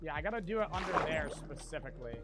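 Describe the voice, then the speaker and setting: A young man with an American accent, streaming a game live and talking to his chat, profane and quick to get frustrated. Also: fairly high pitch, animated, loud music behind the voice. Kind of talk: casual livestream gameplay chat.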